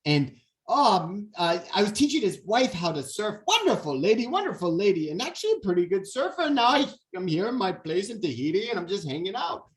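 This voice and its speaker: A man's voice: high-pitched, sing-song, a little fast, distant mic. A man putting on the voice of a friendly, laid-back male pro surfer, speaking in an easygoing way. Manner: easygoing, calls people "brother man".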